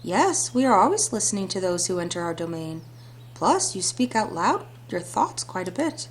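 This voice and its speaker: A woman reading as a hushed lake fairy. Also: mid-range voice, sing-song, moderate pace, a little hiss or hum, natural voice. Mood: coaxing. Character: calm mysterious lake fairy spirit offering aid. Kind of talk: reading visual novel dialogue aloud.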